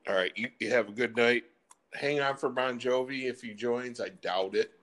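A male talk-show host trading quick, wry asides with a caller. He speaks at an ordinary mid-range pitch and keeps each reply brief and casual. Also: a bit bright. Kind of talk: casual call-in chat.

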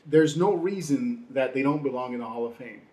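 A man co-hosting a casual sports talk show, from Chicago, talking fast and putting on voices now and then. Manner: animated, mimics people in high voices. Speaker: sports podcast co-host. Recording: roomy echo.

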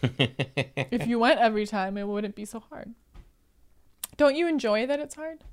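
Smooth-voiced teasing woman chatting. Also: on the high side, very animated, unhurried, darkish tone. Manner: teasing, laughs often. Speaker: podcast guest. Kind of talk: casual podcast chat.

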